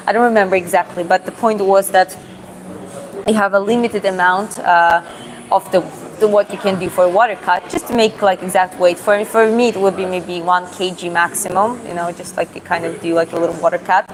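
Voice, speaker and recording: A woman chatting casually on a live stream as a fitness coach, talking in halting bursts full of fillers and restarts. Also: medium pitch, fairly even intonation, poor audio. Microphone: clip-on mic put on mid-stream.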